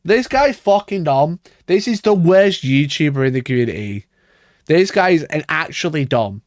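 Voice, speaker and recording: A man's voice: on the high side, animated, normal speed, dry recording, studio quality. A man ranting on a casual livestream, exasperated and sarcastic, swearing often and laughing at himself. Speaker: wargaming YouTuber reacting to a video.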